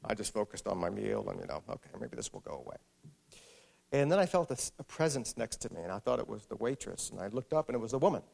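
A man's voice: fairly low pitch, big pitch swings, fast, gravelly, a little mellow. A man, an author, giving a talk to a live audience and telling an anecdote with wry, self-mocking humor. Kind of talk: storytelling speech to an audience.

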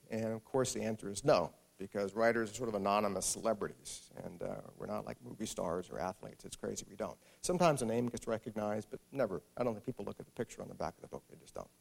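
A man's voice: fairly low pitch, fast, creaky, darkish tone. A man, an author, giving a talk to a live audience and telling an anecdote with wry, self-mocking humor. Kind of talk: storytelling speech to an audience.

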